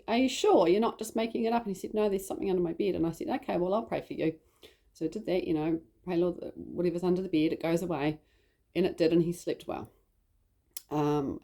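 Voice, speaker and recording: Rambling mother, mellow low voice. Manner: rambling, many fillers and side stories. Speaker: mother telling a personal story. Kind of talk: casual storytelling monologue.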